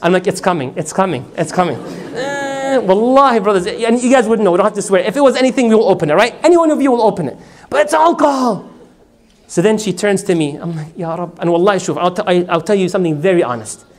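A man with a high-set voice delivers a lively religious talk. He tells personal stories, voices the people in them, and keeps asking his listeners to respond. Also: very fast, hardly any pauses. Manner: storytelling, acts out dialogue, asks audience to respond. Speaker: lecturer.

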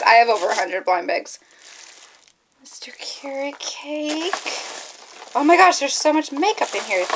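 A young woman vlogger opening fan mail in casual chat, excitable and often gasping and squealing with delight. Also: fairly high pitch, noisy background.

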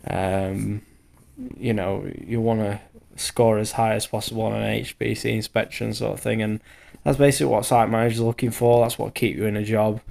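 A tired tradesman in his thirties talks through his work in a loose, rambling voiceover, with plenty of fillers and the odd swear. His voice sits low and has a gravelly edge. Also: level tone, normal speed, a little mellow. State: tired from lack of sleep. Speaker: bricklayer vlogger. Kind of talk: casual voiceover commentary.

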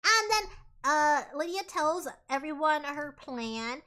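Bright high-voiced woman streamer, chaotic. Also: expressive. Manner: chaotic, fast, mumbling asides. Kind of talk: comic live retelling with toys.

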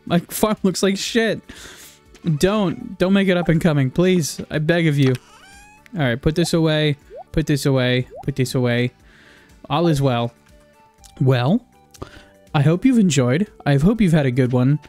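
A man talks through his farming game in a loose, offhand way, cursing freely and wandering off on silly tangents. His voice sits a little higher than most men's. He keeps a light, joking tone the whole time. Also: darkish tone. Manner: joking, swears freely, rambling asides. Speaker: gaming video creator. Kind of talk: casual gameplay commentary.

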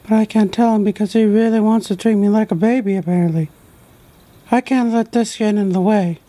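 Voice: mid-range voice, steady tone, brisk, dark tone, natural voice. A performer voicing a plush animatronic fox who is tired of being babied, in a homemade toy skit, talking in a plain, exasperated way.

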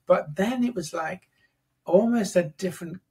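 A man, a psychologist and author on compassion, telling a personal story as a podcast guest in an animated, conversational way. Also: sits high, normal speed, husky, far from the mic.

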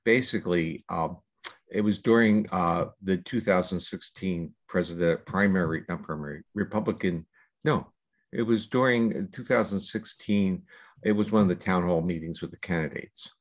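An older man, a scientist guest on an interview podcast, explaining ideas in a measured, lecturing way with long explanations. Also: deep voice.

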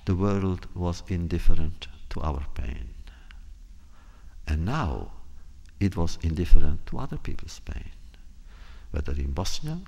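A man giving a public talk, unhurried, telling a true story and acting out quoted dialogue, often repeating phrases for emphasis. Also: low-pitched, expressive, dark tone. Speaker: guest speaker.

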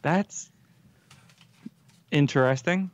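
A man's voice: a little high, extremely slow, dull audio. A man chatting as a guest on a talk show, laid-back and chuckling. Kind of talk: casual chat.

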